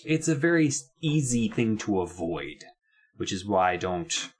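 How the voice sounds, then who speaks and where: A man's voice: on the low side, big pitch swings, a little slow, husky. A man co-hosting a casual podcast about a kids' horror book, rambling and restarting, with mock-outraged asides. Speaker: podcast co-host. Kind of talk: casual book-club chat.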